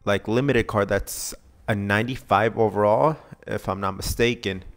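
A man casually commenting on a video game pack opening, excitable and begging the game for good pulls. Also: lowish voice, normal speed, vocal fry. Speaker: gaming channel host.

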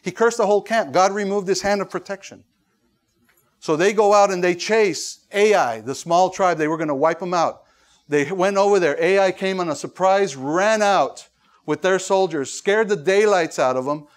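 Male pastor, high voice, animated sermon delivery with restarts and acted-out voices. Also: normal speed. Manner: animated preaching, acts out voices, many fillers and restarts.

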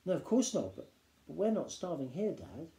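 A man doing a high, stammering young boy. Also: sing-song, quick pace, mellow, echoey room. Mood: protesting. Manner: stammering, breathless, high-pitched.

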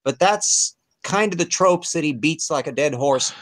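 A man talks through background and predictions in a casual panel chat, stopping often to hunt for words. His voice sits a little high, and it sounds dry and close to the mic. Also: lively intonation, unhurried, dry recording. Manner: hesitant, explanatory, many fillers.

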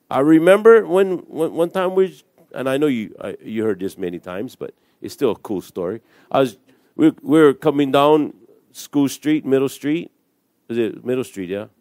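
A man's voice: medium pitch, a little mellow, dry recording, clean studio sound. A male pastor, preaching a storytelling sermon full of jokey asides and acted-out voices. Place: church.

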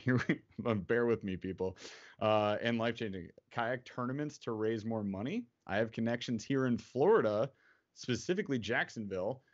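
A man hosting a casual fishing livestream, talking in a rambling way full of fillers and quick laughs. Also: mid-range voice. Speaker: podcast host. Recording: dull lo-fi stream audio.

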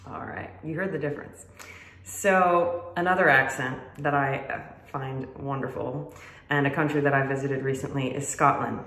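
A woman's voice: very deep voice, steady tone, normal speed, fairly bright tone. A woman fiddle teacher explaining styles in a friendly, casual, self-deprecating way. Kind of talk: casual instructional talk to camera. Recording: roomy echo.

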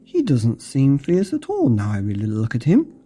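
A man's voice: mid-range voice, wildly swooping pitch, normal speed, mellow, husky, faint music behind. A man voicing a kindly storybook father who speaks plainly. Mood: relieved.

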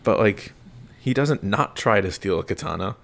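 A man's voice: lowish voice, animated, moderate pace, creaky, fairly bright tone. A man co-hosting a podcast, discussing a film casually, laughing often and rambling with fillers. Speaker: podcast co-host.

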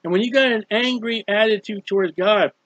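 A man's voice: high-pitched, fairly quick, a bit bright, dry recording, highs cut off. A man preaching about a hymn in an earnest, pleading way, repeating phrases as he urges listeners toward faith. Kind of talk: sermon-style hymn commentary.

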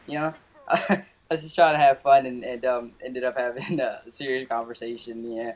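A man's voice: a little high, fairly even intonation, fairly quick. A young man hosting a gaming channel, giving a casual, rambling update full of fillers and restarts.

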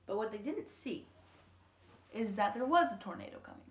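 A woman's voice: medium pitch, lively intonation, normal speed, slight background noise. Chatty teen girl in an echoey room. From Louisiana, USA. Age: teens. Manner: chatty, rambling, lots of fillers and quoted dialogue. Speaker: vlogger. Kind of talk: casual storytelling vlog. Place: home room. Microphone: camera.

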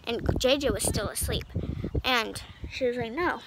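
Teen girl vlogger, high-pitched, chatty and rambling, noticeable background noise. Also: normal speed. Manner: rambling, many "like" fillers. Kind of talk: casual storytime.

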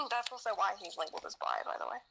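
A woman's voice: on the high side, very animated, quick pace, vocal fry, background noise. A woman co-hosting a casual podcast, telling her story series in a rambling, sweary way with lots of laughing. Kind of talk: casual chat while gaming.

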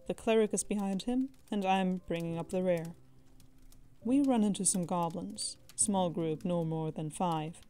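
A woman reading a tabletop game story aloud, in a measured way with dramatic emphasis. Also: lowish voice, warm tone. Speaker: story narrator.

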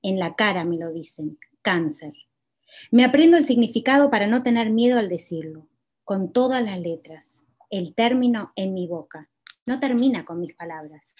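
A woman's voice: medium pitch, animated, a little fast, a little mellow. Woman poet reading her poems. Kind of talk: poetry reading.

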